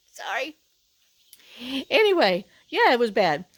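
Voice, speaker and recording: Outside on rural land, a middle-aged woman talks casually to camera, tired from the heat and work, sighing and filling her rambling talk with fillers. Her voice is fairly high, and the background is noisy.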